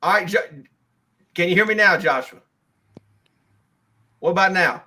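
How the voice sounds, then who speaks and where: A man's voice: sits high, a little slow, bright, forceful tone. A man hosting a live call-in stream, chatting casually and rambling with lots of restarts.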